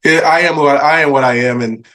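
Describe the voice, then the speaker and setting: Animated man in his thirties, higher voice. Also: a little fast. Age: 30s. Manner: animated, laughing, acts out quoted voices. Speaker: podcast guest. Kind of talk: casual storytelling interview.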